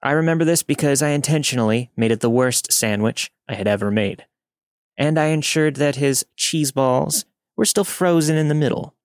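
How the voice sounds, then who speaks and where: A man narrating a first-person story in a steady, matter-of-fact way. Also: mid-range voice, normal speed, dry recording, studio quality.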